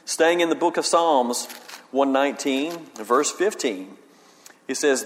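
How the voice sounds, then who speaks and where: A man preaching a sermon as a pastor, reading scripture slowly with emphasis and then explaining it in plain talk. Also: mid-range voice, fairly bright tone. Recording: long hall reverb.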